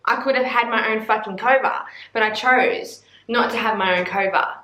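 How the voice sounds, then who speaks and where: A woman's voice: mid-range voice, normal speed, hardly any pauses, pushed and bright, roomy sound. A woman in her twenties with an Australian accent, chatting casually about books, gushing and swearing freely. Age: 20s. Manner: gushing and sweary, with playful swooning asides. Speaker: book vlogger. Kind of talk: casual chat.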